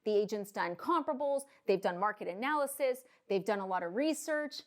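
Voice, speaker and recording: A woman's voice: mid-range voice, lively intonation, a little fast. A woman mortgage loan officer explaining home buying in a casual, chatty way, tossing in "right?" and "okay?" and joking asides. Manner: jokey asides and acted quotes.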